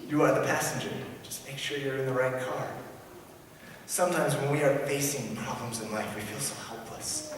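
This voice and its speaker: Pastor preaching in an echoey church. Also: male voice, medium pitch, fairly even intonation, normal speed, a crowd in the background. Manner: earnest preaching, swings from loud emphatic to hushed. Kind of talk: sermon. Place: large church sanctuary. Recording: echoey church hall from far off.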